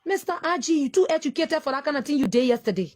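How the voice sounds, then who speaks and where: A woman's voice: sits high, expressive, fast talker, a little mellow. A grieving Liberian mother giving an impassioned, accusing public statement, repeating her phrases and close to tears.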